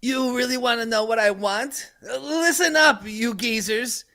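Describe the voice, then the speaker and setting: A man voicing an arrogant, vengeful male dark sorcerer in a comedic anime dub parody, with boastful taunts and drawn-out shouted spell names. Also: extremely high pitch, exaggerated voice.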